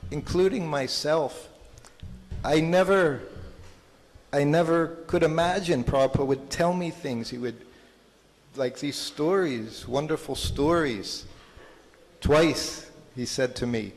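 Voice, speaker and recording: A man giving a halting, reminiscing talk as a guest speaker at a temple anniversary, with many fillers and restarts. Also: medium pitch. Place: large temple hall. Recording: long hall reverb.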